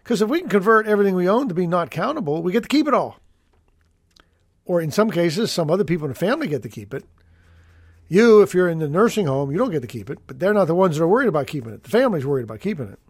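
Man, middle-aged, estate attorney host, high-pitched, emphatic folksy explaining, dry recording. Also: big pitch swings, racing, no echo. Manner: emphatic, folksy, repeats key points. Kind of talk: educational radio-style talk.

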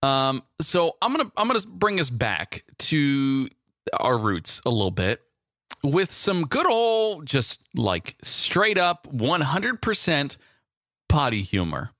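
A man co-hosting a podcast, casually bantering and eagerly pitching silly ideas. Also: sing-song, takes it slowly, bright, forceful tone, no echo, clean studio sound. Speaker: podcast co-host.

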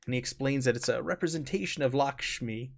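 A man running a tabletop game as game master, narrating in a relaxed way and laughing often. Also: medium pitch, brisk, creaky.

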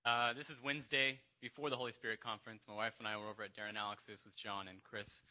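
A man sharing a personal church testimony, halting and emotional, with many fillers and restarts. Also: lowish voice, flat delivery, bright, forceful tone. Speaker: congregation member sharing testimony.

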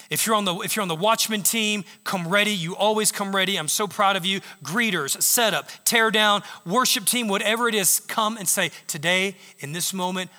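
A male pastor preaching in a church sanctuary, a high, bright voice that tells stories and acts out the lines of others. It rings through a large hall with long reverb. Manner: animated storytelling, acting out quotes. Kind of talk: sermon.

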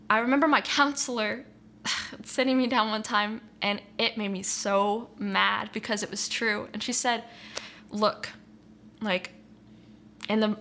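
Her voice fairly high, bright and forceful, a young woman gives her faith testimony in an interview. She's earnest and reflective yet conversational, often saying "like" and "you know."

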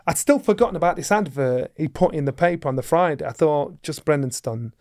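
A man's voice: fairly high pitch, animated, a little fast, a little mellow. A middle-aged man, a guest in an interview, who tells a long story with energy and acts out the voices of the people in it. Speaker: guest, former boxing world champion.

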